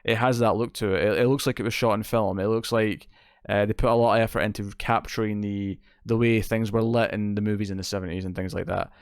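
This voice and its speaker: Smooth-voiced man reviewing movies. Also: lowish voice, little pitch movement, fast, no room sound, clean studio sound. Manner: enthusiastic, rambling with fillers and restarts. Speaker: film reviewer, show host. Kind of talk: casual spoken movie review.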